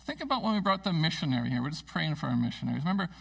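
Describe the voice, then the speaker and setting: A middle-aged male pastor giving a casual, conversational sermon in a church, self-deprecating and animated when he tells stories. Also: on the high side, very fast, gravelly, far from the mic, low-quality recording. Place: church sanctuary.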